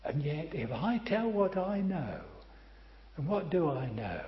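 Older male preacher, slow and emphatic, lively pitch, roomy muffled hall sound. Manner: slow, emphatic, addresses listeners as friend. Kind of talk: sermon. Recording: roomy, slightly dull church recording.

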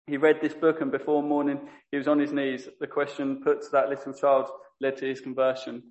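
A man's voice: medium pitch, completely flat delivery, a little fast, a little mellow, lo-fi sound. A man preaching a sermon in an earnest manner, often stopping to correct himself. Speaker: lay preacher.

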